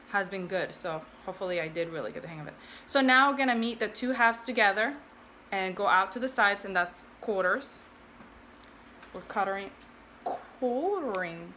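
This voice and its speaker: A woman's voice: mid-range voice, sharp tone, slight background noise. A woman hosting a casual sewing tutorial, chatting and thinking aloud with self-deprecating asides. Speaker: sewing video host.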